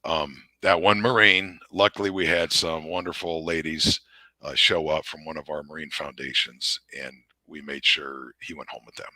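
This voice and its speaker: A middle-aged man with a very low voice and a bright, forceful edge tells stories in a loose, rambling way, full of fillers and restarts. His voice is recorded dry and close. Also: steady tone, moderate pace, dry recording. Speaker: podcast guest, retired Marine officer. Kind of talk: casual storytelling interview.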